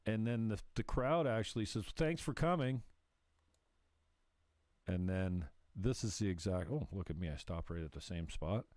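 A man's voice: low-pitched, brisk, few pauses, darkish tone, dry recording, studio quality. A man hosting a casual livestream where he reacts to clips. He is sarcastic and profane and laughs often. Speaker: livestream commentator.

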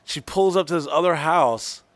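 A man's voice: a little high, moderate pace, no room sound. Profane storytelling man, dry sound. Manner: profane, rambling, acts out his own lines. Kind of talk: casual storytelling chat.

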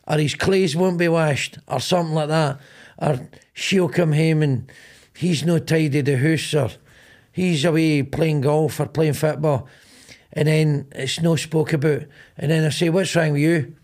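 Sweary middle-aged Glaswegian man, higher voice. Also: a little slow, darkish tone. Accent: Glaswegian Scottish. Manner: rambling, sweary storyteller acting out both sides of arguments. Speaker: podcast host. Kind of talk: casual comedic chat.

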